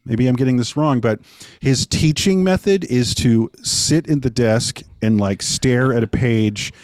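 A relaxed man with a mid-pitched voice trades easy reactions and observations in a podcast conversation. His voice sits dry and close to the mic. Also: no room sound. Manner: laid-back, chiming in with quick reactions. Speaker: podcast co-host. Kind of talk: casual film podcast chat.

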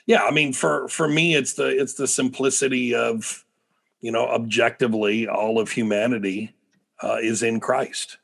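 A man's voice: mid-range voice, fairly even intonation, normal speed, gravelly, a bit bright, breathy edge. A middle-aged American man, a preacher and guest, telling stories animatedly in a podcast interview with frequent restarts. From United States.

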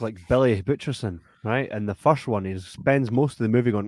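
A man's voice: mid-range voice, fairly quick, few pauses, no room sound, studio quality. Sweary man ranting about films. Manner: blunt, sweary, animated when ranting. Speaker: podcast co-host. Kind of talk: casual film review chat.

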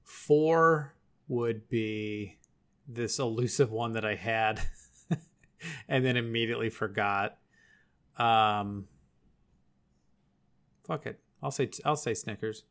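A man's voice: medium pitch, slow, long pauses, fairly bright tone. A man co-hosting a live-streamed show, chatting casually, rambling and losing his train of thought. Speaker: podcast co-host.

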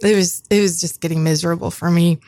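A woman's voice: fairly low pitch, fairly even intonation, fast, warm tone. A woman in her fifties, an interview guest telling a personal story in conversation, earnest, often restarting and repeating herself. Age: 50s. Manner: earnest, with frequent restarts and repetitions.

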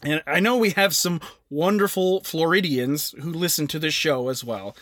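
A man's voice: fairly high pitch, moderate pace, a bit bright, no room sound, studio quality. A young adult man co-hosting a podcast in casual chat, presenting facts with jokey asides. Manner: chatty, jokey, with self-aware asides. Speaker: podcast co-host.

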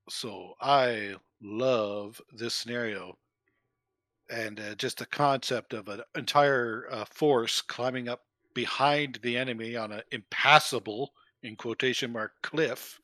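Bright-voiced enthusiastic middle-aged man. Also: mid-range voice, no room sound. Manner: enthusiastic, rambling with fillers. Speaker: co-host. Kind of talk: casual hobby chat.

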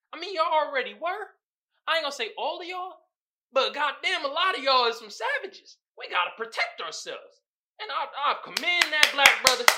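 A young man with a Californian accent hosting a casual podcast, telling stories loudly and animatedly with laughter and profanity. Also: extremely high pitch. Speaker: podcast host. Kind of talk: casual solo podcast chat.

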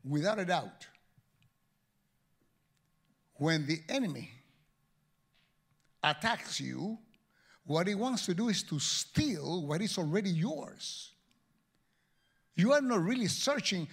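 Man, pastor, sermon, high gravelly voice, very lively pitch, jokes with the crowd. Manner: animated, joking with the congregation.

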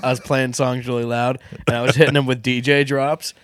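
A man's voice: mid-range voice, level tone, brisk, no room sound, clean studio sound, soft background music. A young man co-hosting a comedy podcast, rambling through jokey stories. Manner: rambling, jokey, trails off into bits. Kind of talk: casual comedy podcast banter.

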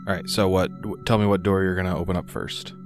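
A man's voice: deep voice, steady tone, fast talker, soft background music. A man narrating as game master, reading room descriptions with frequent "uh" hesitations.

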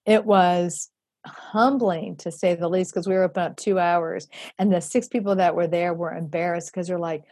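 A woman in her fifties, a guest and executive director, telling a heartfelt story in an animated, emphatic way that often repeats itself. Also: on the low side, normal speed, dry recording.

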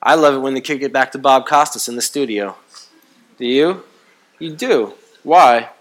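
A man preaching a sermon as pastor, telling stories in a playful, animated way. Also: mid-range voice, moderate pace. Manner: animated storytelling, playful and comic. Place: church.

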